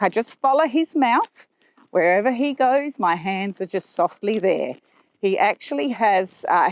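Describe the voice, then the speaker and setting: A woman horse trainer explaining her riding aids as she rides, calm and explanatory, with soft praise for the horse in between. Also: medium pitch. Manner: talking while riding a horse. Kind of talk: instructional commentary while riding. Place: riding arena.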